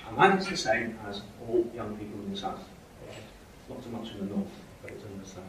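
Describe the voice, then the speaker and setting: Speaking fairly quickly in a low but slightly bright voice, a man delivers a university lecture and keeps asking "okay?" and "right?". The sound comes from far away in an echoing hall, with faint noise.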